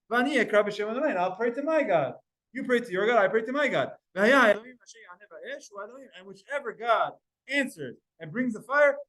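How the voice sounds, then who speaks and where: A man teaching a Talmud class, reading Hebrew verses aloud and retelling them in lively, storytelling English. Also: high voice. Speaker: Torah teacher.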